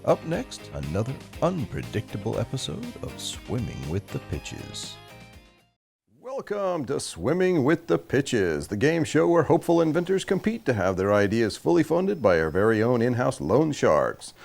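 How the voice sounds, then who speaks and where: Young male game show host, wildly swooping pitch, gravelly edges. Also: huge pitch swings, moderate pace, darkish tone, soft background music. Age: young adult. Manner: showy, swooping announcer delivery. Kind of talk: comedy game show hosting.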